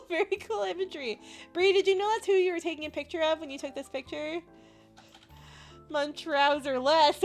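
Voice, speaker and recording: A woman streamer chatting casually, breaking into frequent giggles as she talks. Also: high-pitched. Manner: giggly, laughs often, chatty. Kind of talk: casual chat.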